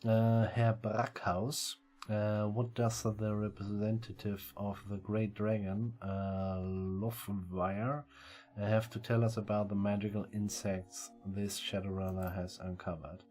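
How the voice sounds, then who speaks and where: A man's voice: lowish voice, little pitch movement, slow, darkish tone. A man voicing a stern, formal, wealthy older father who gives orders.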